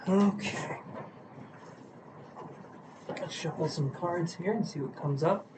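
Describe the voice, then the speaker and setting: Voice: mid-range voice, takes it slowly, background noise. A tarot reader chatting casually on a live stream while shuffling cards, sleepy and yawning, greeting viewers and a pet.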